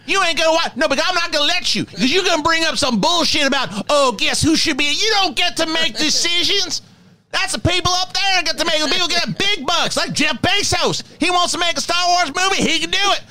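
A man's voice: very high voice, sharp tone, voice pushed up, full character voice. A man voicing Professor Crow, a mean, foul-mouthed woman troll who loves old cinema and rants insults at fans. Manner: insulting, ranting, swearing. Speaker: host.

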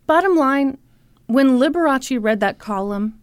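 A woman co-hosting a podcast, telling a story in casual chat with a playful, animated manner. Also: sits high, a little slow, smooth, no echo, studio quality. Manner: animated, playful, breaks into laughter. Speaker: podcast co-host.

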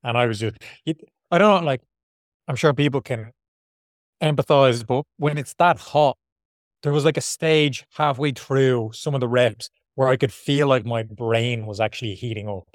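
A man's voice: mid-range voice, normal speed, no room sound, studio quality. Tired Irish man chatting about running. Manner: chatty, rambling, laughs often. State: tired after a workout. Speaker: podcast co-host, marathon runner. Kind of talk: casual chat.

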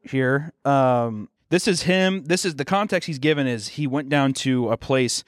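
A man's voice: medium pitch, expressive, unhurried, dry recording, studio quality. A man co-hosting a podcast, chatting casually and slipping into mock voices as he riffs on a bit. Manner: slips into mock character voices mid-story. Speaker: podcast co-host. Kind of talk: casual chat, acting out bits.

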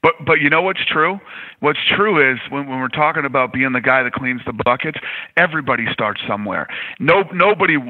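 A man's voice: mid-range voice, lively intonation, fairly quick. A man talking bluntly and motivationally as a podcast guest, swearing freely. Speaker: guest, fight promotion executive. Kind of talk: casual podcast conversation. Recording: tinny phone-line sound.

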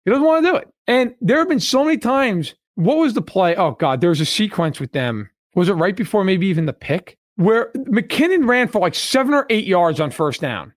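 Blunt, high-pitched man ranting. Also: very animated, moderate pace, hardly any pauses, no echo, studio quality. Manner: blunt, emphatic and profane, repeating points. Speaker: podcast co-host. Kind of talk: casual sports podcast discussion.

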